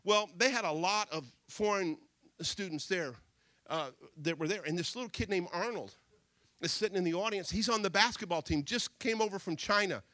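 A man in his fifties, a motivational speaker telling a story with energy, repeating his phrases and swinging between hushed and loud. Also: sits high, moderate pace, no room sound.

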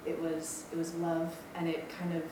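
At a moderate pace and in a fairly low, monotone voice, a campus ministry staffer in her twenties from Maui, Hawaii, gives her personal testimony. She's chatty and self-deprecating, with many ums. The recording, made in a lecture room, is echoey with a distant mic and background noise.

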